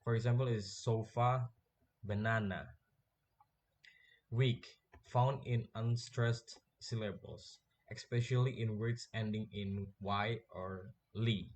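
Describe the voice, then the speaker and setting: Young guy reading his class presentation, slow and careful, trips over words sometimes. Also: lowish voice, fairly even intonation. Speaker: student presenter.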